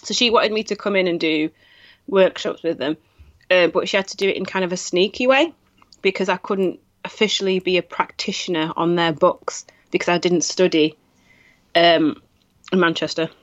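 A woman co-hosts a relaxed conversation, her voice sitting a touch low. She rambles with false starts and laughs often. The recording is close and dry with a dull, lo-fi edge. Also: moderate pace, no room sound. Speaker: podcast co-host. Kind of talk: casual chat.

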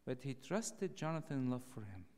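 A clergyman teaching a Bible study sermon, acting out the dialogue with a raised, animated voice. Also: medium pitch, moderate pace. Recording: long hall reverb.

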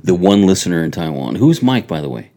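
A man's voice: low-pitched, very animated, fairly quick, dark tone. A man co-hosting a faith podcast from a church radio studio, chatty and upbeat, sometimes reading passages aloud. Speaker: podcast co-host. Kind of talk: casual radio chat.

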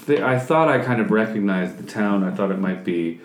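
A man's voice: lowish voice, expressive, a little fast, roomy sound, slight background noise. A man co-hosting a casual podcast chat, enthusiastic and full of fillers and restarts. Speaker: podcast co-host.

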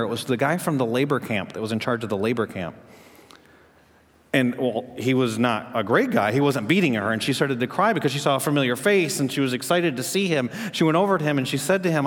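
A man's voice: mid-range voice, brisk. Preaching man in a reverberant church. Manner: storytelling preacher, rising to emphatic questions. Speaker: pastor. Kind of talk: sermon. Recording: long hall reverb.

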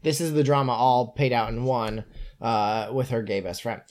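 Joking, animated man recapping a book. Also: mid-range voice. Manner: animated, joking, quick asides. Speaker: podcast host. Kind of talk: casual chat recapping a book.

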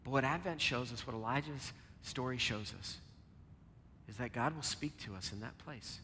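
A man preaching a sermon and leading a closing prayer, earnest, moving between loud emphasis and a soft near-whisper. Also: mid-range voice, normal speed, a little hiss or hum. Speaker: pastor. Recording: long reverb, soft guitar behind.

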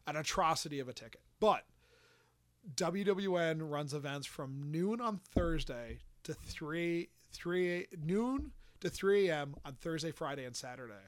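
A man casually telling a story on a podcast, animated and swearing, acting out quotes. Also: fairly high pitch, measured pace, no echo.

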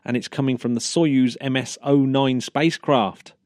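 A man co-hosting a casual news podcast, talking in a chatty, easy way with frequent laughs and restarts. His voice sits at an average pitch for a man. It is recorded close and dry, with no room sound. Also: fairly even intonation, normal speed, a little mellow, no room sound. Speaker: podcast co-host.

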